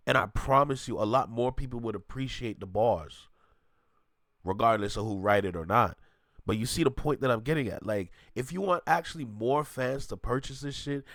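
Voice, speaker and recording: A man's voice: medium pitch, no room sound, clean studio sound. A man hosting a music reaction video, ranting emphatically and in disbelief as he gives his take.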